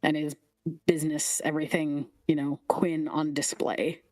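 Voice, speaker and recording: A woman's voice: low-pitched, little pitch movement, normal speed, dark tone, no echo, studio quality, faint music behind. A woman narrating a tabletop game as game master, describing the scene in an amused way.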